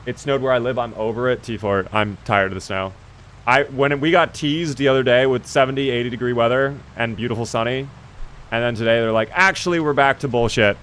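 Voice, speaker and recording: A man's voice: medium pitch, steady tone, fairly quick, fairly bright tone, a little hiss or hum. A man chatting casually with his live-stream chat while playing a video game, reading out and answering viewers and swearing now and then.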